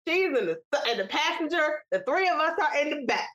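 High-voiced woman telling an animated story. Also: a little fast. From New York. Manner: animated, profane, quoting others in voices. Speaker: podcast co-host. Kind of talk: casual storytelling chat.

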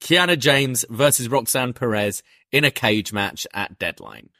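Man, casual podcast co-host, lively pitch, dry close sound. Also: measured pace, no room sound. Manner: retells scenes with quoted voices. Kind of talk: casual review chat.

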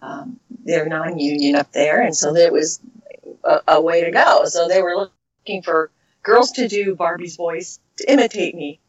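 A woman's voice: fairly low pitch, a little slow, recorded from a distance. A middle-aged woman and voice actress, telling stories in a casual interview and trailing off into tangents. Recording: dull lo-fi recording.

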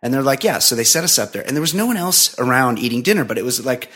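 Profane animated man telling a story. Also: mid-range voice, fast talker, husky. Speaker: podcast host. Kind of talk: casual chat.

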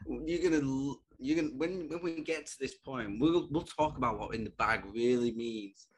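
Teasing co-host. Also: male voice, mid-range voice, moderate pace. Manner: playful, teasing banter. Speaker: podcast co-host. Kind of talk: casual podcast chat.

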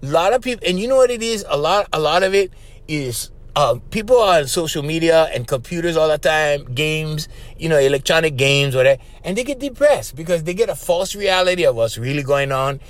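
High-voiced middle-aged man with Hawaiian Pidgin accent. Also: expressive, a little fast. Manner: rambling, repeats words, chuckles often. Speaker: podcast host. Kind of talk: casual storytelling monologue.

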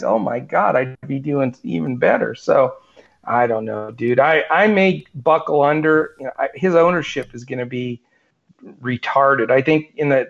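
With a gravelly, fairly high-pitched voice, a podcast co-host chats casually about sports betting, his talk meandering and full of fillers and false starts. The audio has a dull, lo-fi quality.

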